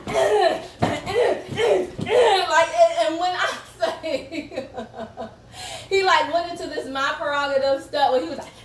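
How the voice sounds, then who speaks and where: A woman telling a story on a live video while working out, animated and chatty, laughing often, a little out of breath. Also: high-pitched. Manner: animated, chatty, addresses viewers as y'all, laughs a lot. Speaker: fitness coach recruiting for her team. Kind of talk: live social-media storytelling while exercising. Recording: roomy echo, distant mic, faint noise.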